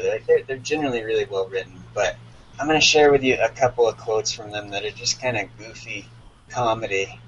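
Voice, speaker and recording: A man's voice: fairly low pitch, fairly bright tone, lo-fi sound, a little hiss or hum. A man co-hosting a podcast, chatting casually and chuckling as he reads aloud. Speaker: podcast co-host. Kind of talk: casual chat, reading aloud.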